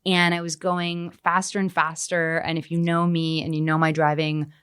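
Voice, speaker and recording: Woman author guest, very low voice, dry close mic, candid and self-mocking. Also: little pitch movement, normal speed, fairly bright tone, clean tone, no room sound. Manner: open and self-mocking, laughing mid-sentence. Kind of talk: candid podcast conversation.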